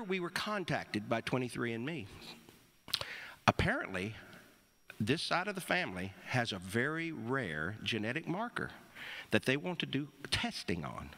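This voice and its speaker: A middle-aged man telling a wry, rambling story on stage between songs, with halting restarts. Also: medium pitch, sharp tone.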